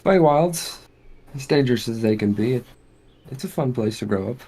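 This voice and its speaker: A man's voice: medium pitch, lively intonation, moderate pace, mellow. A man role-playing his character at a tabletop game, earnest and hesitant, with frequent fillers. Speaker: player.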